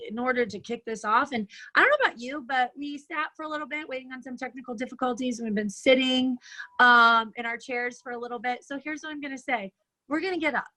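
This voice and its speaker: A woman's voice: sits high, bright, forceful tone, poor audio. A woman fitness coach giving an upbeat motivational talk over a video call, chatty and peppy, often tossing in "like" and "right?". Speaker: fitness coach speaking at a virtual brunch.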